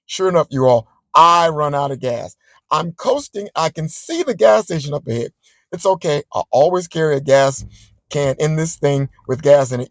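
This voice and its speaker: A man vlogging, chatting straight to his viewers as he tells a story in a casual, animated way. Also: fairly high pitch, no room sound, poor audio.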